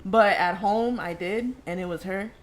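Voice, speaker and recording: A woman's voice: medium pitch, measured pace, crowd noise. A young woman co-hosting a podcast, telling a story in a laid-back way with lots of fillers. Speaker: podcast co-host. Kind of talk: casual chat.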